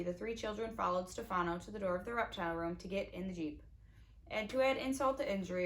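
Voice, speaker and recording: Woman, casual read-aloud, small slips, mid-pitched voice. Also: a bit bright. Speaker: audiobook reader. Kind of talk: reading a novel aloud.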